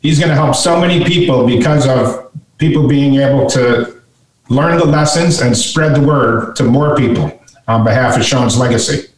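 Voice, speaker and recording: A man's voice: medium pitch, moderate pace. A middle-aged man, a guest author, telling a story in conversation and animatedly acting out the voices he quotes. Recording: echoey room, voice from far off.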